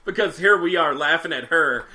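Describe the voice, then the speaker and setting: A man's voice: on the high side, normal speed, slight background noise. A man co-hosting a podcast, telling stories in casual chat and laughing often. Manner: laughs a lot, animated storytelling. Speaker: podcast co-host.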